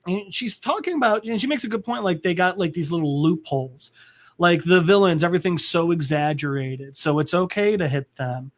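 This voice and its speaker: A man's voice: high voice, a little fast. Rambling man recapping a comic. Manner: rambling, full of "like" and restarts. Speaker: podcast host. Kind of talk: casual comic book recap.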